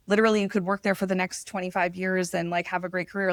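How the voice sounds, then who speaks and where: A woman's voice: medium pitch, fast talker, no room sound. A woman hosting a podcast interview, chatting casually and affirming her guest before asking questions. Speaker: podcast host.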